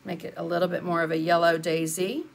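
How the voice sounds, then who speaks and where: Older lady painting live, chatty, kinda low voice, answers comments as she goes. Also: flat delivery, fast talker, creaky. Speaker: art instructor.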